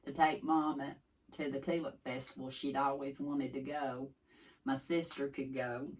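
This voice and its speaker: A woman's voice: a bass voice, level tone, unhurried. A woman from East Tennessee with a Southern accent, chatting casually to her viewers in a folksy, rambling way. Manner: folksy, chatty, wanders off track. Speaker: vlogger. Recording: voice a little distant from the mic.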